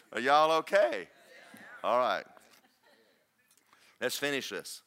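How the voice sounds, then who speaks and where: A man preaching a sermon as pastor, loud and booming, with self-deprecating humor. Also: sing-song, extremely slow. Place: church.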